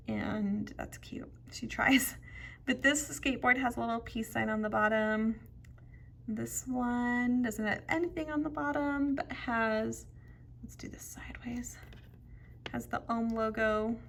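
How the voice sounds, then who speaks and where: A woman's voice: mid-range voice, a bit bright, a little hiss or hum. A woman showing off jewelry beads in a casual vlog, chatty and gushing, often dropping to a whisper. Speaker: jewelry bead reviewer. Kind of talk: casual show-and-tell vlog.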